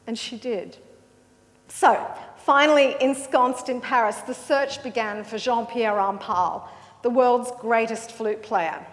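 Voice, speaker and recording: Aussie woman telling a wry story, high voice, lots of hall reverb. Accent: Australian. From Australia. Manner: wry, anecdotal, amused. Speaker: flautist narrator. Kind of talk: storytelling narration.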